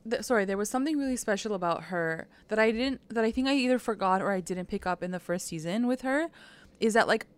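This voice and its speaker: A woman's voice: medium pitch, quick pace, clean tone. A woman co-hosting a casual chat, talking with emotion about an episode and using lots of fillers. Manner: emotional, gushing, filler-heavy talk. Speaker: podcast co-host.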